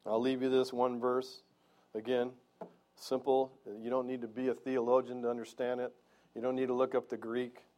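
A man's voice: medium pitch, flat delivery, normal speed, a little mellow. Man, pastor, church sermon, earnest, chatty, asks the congregation questions. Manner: earnest, conversational preaching with rhetorical questions.

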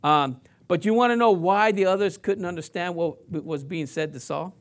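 A man's voice: high-pitched, normal speed. A man preaching a sermon in a conversational way, asking the congregation questions and mimicking sounds to make his points. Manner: playfully mimics sounds and voices to illustrate points. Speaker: pastor.

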